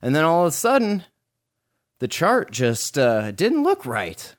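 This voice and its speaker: A man's voice: fairly high pitch, wildly swooping pitch, measured pace. A man hosting a casual podcast, rambling and joking with frequent restarts and some swearing. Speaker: podcast host.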